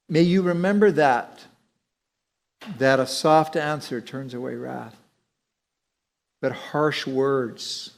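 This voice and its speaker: A man's voice: fairly high pitch, takes it slowly, creaky. A middle-aged man teaching a Bible lesson in a conversational sermon style, often restarting his sentences.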